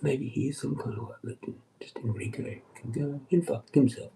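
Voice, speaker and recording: A man's voice: medium pitch, steady tone, moderate pace, vocal fry, few pauses, mellow, rough recording. A man rambling crudely on a livestream, swearing often and slipping into muttered asides. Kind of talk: rambling casual livestream chat.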